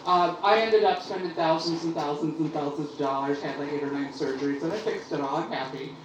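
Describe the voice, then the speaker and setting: A woman's voice: deep voice, a little fast. A woman doing stand-up comedy with a brash, bawdy, exaggerated delivery on a comedy club stage. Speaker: stand-up comic. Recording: echoey club miked from a distance, loud room noise.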